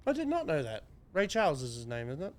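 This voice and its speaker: A man's voice: fairly high pitch, huge pitch swings, fast talker. A man with a New Zealand accent, ranting and joking with crude, sweary sarcasm as a podcast co-host. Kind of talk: crude casual banter.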